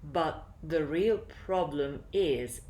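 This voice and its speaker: Woman, English teacher, slow deliberate delivery, low voice, echoey room. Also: darkish tone. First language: Italian. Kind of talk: recorded lesson narration.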